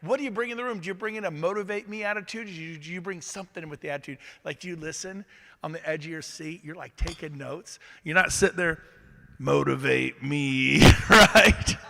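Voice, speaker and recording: A middle-aged man giving an energetic, upbeat motivational talk at an event and firing questions at the audience. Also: high-pitched, fast talker. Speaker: motivational speaker. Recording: reverberant hall.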